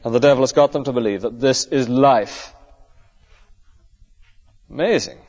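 A man's voice: mid-range voice, moderate pace, darkish tone, dull audio. A male clergyman giving an earnest, conversational sermon full of rhetorical questions.

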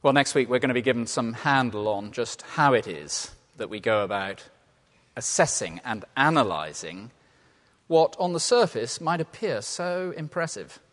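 A man from England preaching a sermon, lively and humorous, then dropping to quiet, earnest tones. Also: mid-range voice, moderate pace. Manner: animated, playful asides and laughter, drops to quiet earnest tones. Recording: long reverb of a large hall.

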